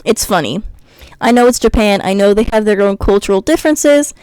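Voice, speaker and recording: A woman's voice: medium pitch, lively intonation, a little fast, darkish tone, smooth, dry recording, poor audio. Blunt, sarcastic woman ranting. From United States. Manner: blunt and sarcastic, mocks commenters in sing-song voices. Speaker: vlogger. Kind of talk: ranting commentary.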